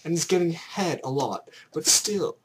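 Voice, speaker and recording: A young man from Canada ranting excitedly in a vlog, slipping into mock voices as he goes. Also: a little high, unhurried, slight background noise. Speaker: vlogger.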